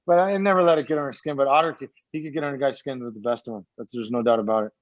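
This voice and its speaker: A man's voice: medium pitch, rapid-fire. A man, a former pro hockey player, telling loose, rambling stories as a podcast guest, swearing freely and acting out what others said. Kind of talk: casual podcast storytelling. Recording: dull lo-fi sound.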